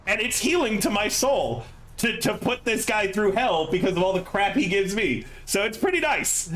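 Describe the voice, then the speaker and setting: A man's voice: high-pitched, a bit bright, a little hiss or hum, poor audio. A man hosting a tabletop game stream, telling a long story in a loose, rambling way with many fillers, swears and laughs. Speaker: game master and stream host. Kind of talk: casual chat before a tabletop game.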